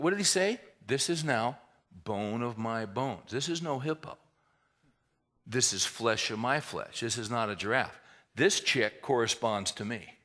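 A man preaching a sermon in an animated way, mixing humorous asides into the teaching. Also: mid-range voice. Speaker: pastor.

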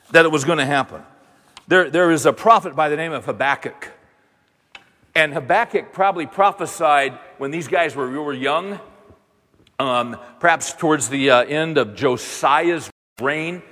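A man delivers a sermon with animated energy, acting out the people in his story as he goes. His voice sits a little high for a man. The sound carries the long reverb of a large hall. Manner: animated, voices the prophet and God in dramatic quotes. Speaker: pastor.

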